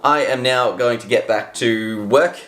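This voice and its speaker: A man's voice: mid-range voice, a little slow, fairly bright tone. Chatty upbeat man, roomy sound. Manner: chatty, upbeat, laughs at himself. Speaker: vlogger giving voiceover tips. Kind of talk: casual tips vlog. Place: room with couches and chairs. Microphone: studio microphone, standing. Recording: roomy echo, faint music.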